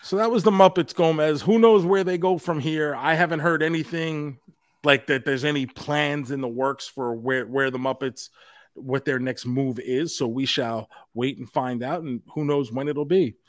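A man co-hosting a casual pop culture podcast, animated and joking, with casual swearing. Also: a little high, moderate pace, no room sound, studio quality. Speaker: podcast co-host.

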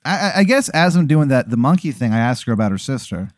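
A man with an animated, bouncing pitch plays along with a comic hypothetical, laughing easily and answering in earnest. His voice sounds dry and close, recorded right at the mic. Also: no echo. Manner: playful, quick to laugh, answers as if really in the scenario. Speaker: podcast host, comedy club owner. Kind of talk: casual comedic chat.

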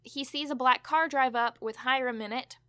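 Woman, podcast co-host, chatty and rambling, bright, dry close sound. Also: high-pitched, fairly even intonation, clear, resonant tone, no room sound. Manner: chatty, quick asides, lots of fillers. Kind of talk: casual chat recapping a TV episode.

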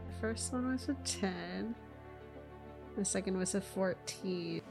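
A woman's voice: mid-range voice, slow pace, gravelly. A woman player in a tabletop game, talking hesitantly and laughing. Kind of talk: casual game chat. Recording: music behind.

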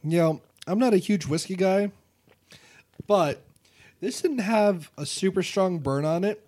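Higher-voiced man chatting casually. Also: a little slow, a little mellow. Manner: casual beer and whiskey reviewing, joking. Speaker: podcast co-host. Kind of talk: casual chat.

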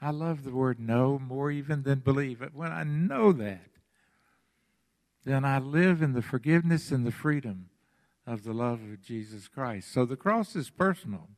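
A pastor preaching a sermon, emphatic and deliberate, repeating his phrases for weight. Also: medium pitch, darkish tone.

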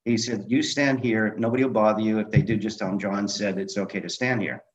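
A middle-aged film director and memoir author, appearing as a guest in a conversational storytelling interview, speaks quickly in a low, steady voice. He tells animated anecdotes, slipping into the voices of the people he quotes. The recording sounds dull and slightly lo-fi, like a modest interview setup.

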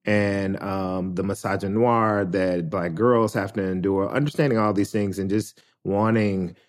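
A man speaking as a podcast guest, reflecting thoughtfully and pausing on fillers. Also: low-pitched, fairly even intonation. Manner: thoughtful, many fillers, measured. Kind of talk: reflective conversation.

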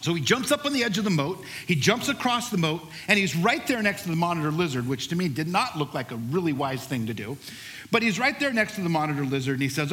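A middle-aged male pastor preaching a sermon, telling a lively personal story before moving into scripture. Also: high voice, fairly quick. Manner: animated storyteller, shouts during the story's peaks.

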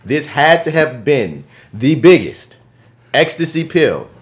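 A man's voice: a little high, big pitch swings, takes it slowly. A young man chatting loosely on a podcast, rambling and full of fillers. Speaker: podcast co-host. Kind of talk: casual chat.

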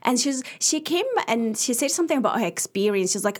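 A woman's voice: fairly high pitch, a little fast, few pauses. A woman from Ethiopia, telling a personal story in casual conversation and acting out the voices of the people in it. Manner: animated, acts out voices in quotes. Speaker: guest.

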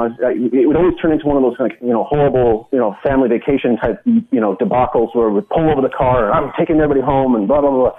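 A middle-aged man from Canada, a guest giving an earnest personal testimony in conversation and retelling it with frequent restarts. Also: medium pitch. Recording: tinny phone-line sound.

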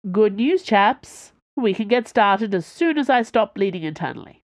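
A woman performs a cocky, wounded young male duelist, raising her pitch above her natural voice. Her delivery is medium-pitched, sing-song, and moderately paced, with a languid, teasing, theatrical manner. The recording is dry, with clean studio sound.

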